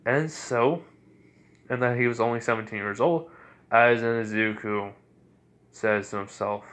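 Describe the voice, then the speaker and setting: A man's voice: medium pitch, steady tone, slow, long pauses, a bit bright. A man casually narrating a fan story in a loose, rambling way. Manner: rambling, loose, full of "like" and "he was like".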